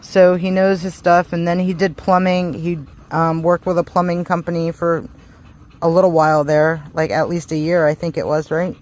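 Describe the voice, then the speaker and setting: A woman chatting casually to camera while her husband works on the farm, talking warmly about faith and laughing often. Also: lowish voice, level tone, moderate pace. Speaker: farm vlogger.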